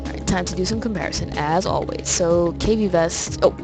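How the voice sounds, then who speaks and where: A woman's voice: fairly low pitch, brisk, over music, rough recording. A young woman from New York with a New York accent, rambling through casual let's play commentary in a chatty, self-deprecating way.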